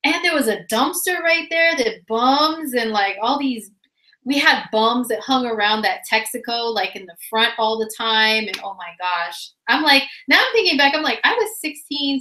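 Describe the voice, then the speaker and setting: Bright, animated woman telling stories. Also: a little high. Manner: animated, laughing, full of "like" fillers. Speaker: vlogger. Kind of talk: casual storytelling. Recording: roomy echo.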